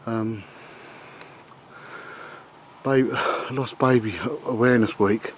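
A man's voice: medium pitch, steady tone, lo-fi sound. Middle-aged guy out of breath filming on his phone outside at night in the rain, lots of ums, faint traffic noise behind. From England. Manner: halting, many ums and uhs, subdued. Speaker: vlogger. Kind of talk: casual vlog to camera.

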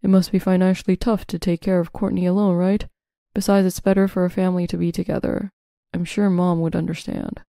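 A woman voicing a self-serving, cheating middle-aged husband in a scripted story, in a flat, even delivery. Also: fairly low pitch, brisk, creaky, hardly any pauses, dry recording, clean studio sound. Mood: pleading.

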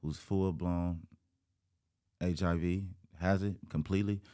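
Low-voiced man telling a story. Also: steady tone, unhurried, warm tone. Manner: acts out quoted voices, jumping high in pitch. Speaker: interview guest. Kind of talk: animated storytelling.

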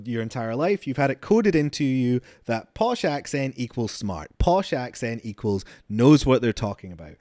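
A man rants through casual reaction commentary, blunt and full of swearing. His pitch swings around a lot as he makes his points. The sound is dry and close to the mic. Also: a little mellow, no echo. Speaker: streamer reacting to a clip.

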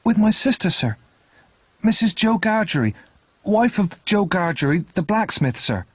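A man's voice: sits high, very animated, a little slow, slightly rough, dry recording, clean studio sound, voice pushed up, heavily acted. A man voicing a frightened small boy who pleads politely with a stranger.

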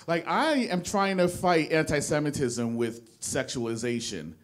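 With a voice on the high side, animated and measured, a young comic from New Jersey works a small studio crowd. His set is rambling and self-mocking, his sentences frequently halting and starting over.

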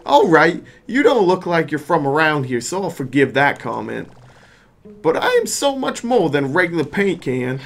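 A man's voice: very high-pitched, wildly swooping pitch, normal speed, creaky, pauses often, pitched above the performer's own voice, heavily acted. A man putting on a brash, cheeky paint-can sidekick. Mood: indignant. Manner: loud, cheeky, vague put-on accent.

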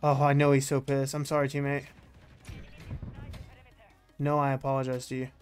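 A man giving excitable, swear-filled live commentary over his own online shooter match, trash-talking as he plays. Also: medium pitch, moderate pace, soft background music. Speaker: gaming YouTuber.

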